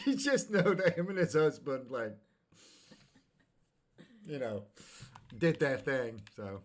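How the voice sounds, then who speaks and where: Man, game streamer, chatty, rambling, sudden shouts, middle pitch. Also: big pitch swings, takes it slowly, pauses often. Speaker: streamer playing a video game. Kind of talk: casual chat while gaming.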